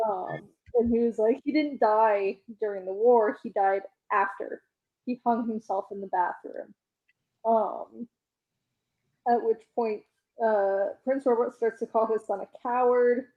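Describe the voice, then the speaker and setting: A woman's voice: mid-range voice, steady tone, phone-quality sound. A woman co-hosting a podcast, casually retelling a comic story and acting out the characters' lines with laughter. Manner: retells scenes by quoting characters in quick voices, laughs often. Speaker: podcast co-host recapping a comic. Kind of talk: casual chat.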